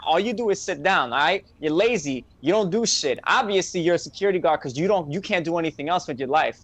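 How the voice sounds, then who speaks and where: A man telling a profane, animated story in a casual chat with his co-host. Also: a little high, fast talker, no echo. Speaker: delivery worker and show co-host.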